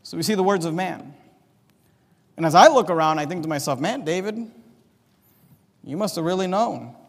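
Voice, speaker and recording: High-voiced preacher in a reverberant hall. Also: male voice, expressive, normal speed. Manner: impassioned, swings between loud emphasis and quiet asides. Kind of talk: sermon. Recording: long reverb of a large hall.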